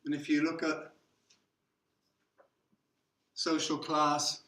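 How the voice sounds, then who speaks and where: Extremely slow and monotone, this man's fairly high voice comes across pushed and bright in a reverberant space. He is a university lecturer in his seventies, speaking with received pronunciation, peppering his class lecture with "okay?" and foreign words.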